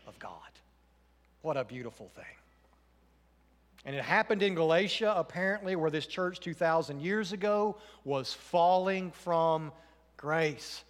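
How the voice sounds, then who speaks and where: A pastor preaching a sermon in earnest, his voice rising to emphatic questions and then dropping soft. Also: on the high side. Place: church. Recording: church hall with long reverb.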